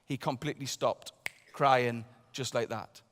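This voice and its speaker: Animated male keynote speaker in a big hall. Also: mid-range voice, measured pace. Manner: animated, swings between loud bursts and quiet asides. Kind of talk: motivational keynote storytelling. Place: large conference hall. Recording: long hall reverb.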